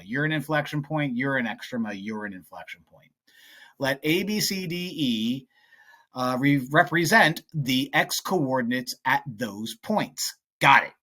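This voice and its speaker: A man's voice: mid-range voice, bright, forceful tone. A man teaching math in a casual, chatty, playful way, talking through practice problems at a whiteboard.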